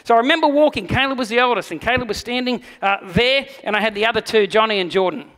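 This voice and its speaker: Male Australian pastor, high, forceful voice, lively storyteller who softens into earnest preaching. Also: fast talker, long reverb tail. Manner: animated storyteller, dropping to a quiet, earnest tone for the message. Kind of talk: sermon with personal storytelling.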